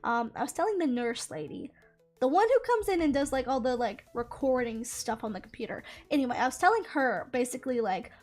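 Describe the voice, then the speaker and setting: A young woman casually telling a story from her life, animated, laughing often and swearing freely. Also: sits high, fairly quick, faint music behind. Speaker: gaming channel creator.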